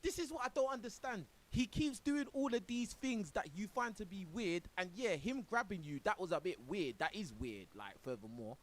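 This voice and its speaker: A man with a high, lively voice reacts to a clip on stream. He mocks and scolds, throwing in "bro" again and again, and often laughs between lines. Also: normal speed, hardly any pauses. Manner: mocking, exasperated, says "bro" a lot, laughs often. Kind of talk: reaction commentary.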